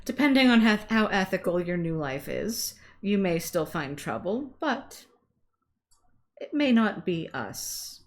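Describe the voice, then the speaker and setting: A woman player speaking in character, calm and persuasive. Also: medium pitch, a little slow. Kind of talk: in-character tabletop play.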